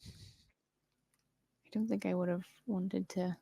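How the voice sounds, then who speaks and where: A woman's voice: lowish voice, flat delivery, drawn-out words, gravelly, warm tone, slight background noise. A woman playing a tabletop game, speaking in a questioning, tentative way. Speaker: player. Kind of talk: casual tabletop play.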